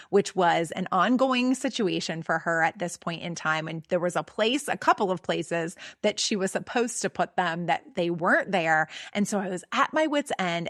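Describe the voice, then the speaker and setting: A woman's voice: on the low side, fairly bright tone, no room sound, studio quality. A middle-aged woman hosting a podcast, telling a personal story in an earnest, conversational way with plenty of fillers. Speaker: podcast host.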